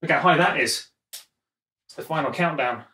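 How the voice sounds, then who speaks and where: Guy chatting to himself while unboxing gear, kinda high voice, roomy sound, drifts off-mic. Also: normal speed, pushed and bright, far from the mic, soft background music. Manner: rambling, self-mocking, talks to himself while handling gear. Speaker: music producer and vlogger. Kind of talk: casual studio vlog, talking to camera. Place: home music studio, indoors. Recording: echoey room, voice often off-mic.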